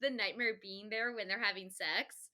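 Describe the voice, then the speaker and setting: Very bright-voiced young woman rambling. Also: medium pitch, steady tone, moderate pace. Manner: chatty, rambling, frequent "like" and laughs. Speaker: podcast co-host. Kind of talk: casual book chat.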